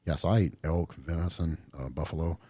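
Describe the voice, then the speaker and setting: A man's voice: a bass voice, fairly even intonation, brisk, warm tone, breathy edge, no echo. A middle-aged man from Texas, a podcast guest talking casually with a laid-back drawl and lots of fillers. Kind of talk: casual interview chat.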